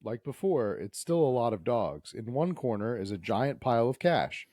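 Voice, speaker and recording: A man's voice: mid-range voice, big pitch swings, normal speed, dark tone, no echo, studio quality. Playful man reading a dating game. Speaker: podcast host.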